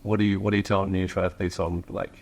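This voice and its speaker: A man's voice: sits low, flat delivery, fast, a little mellow. A man hosting a podcast interview, chatty and sharing his own experiences. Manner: chatty, shares own stories. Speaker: podcast host. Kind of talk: casual interview chat.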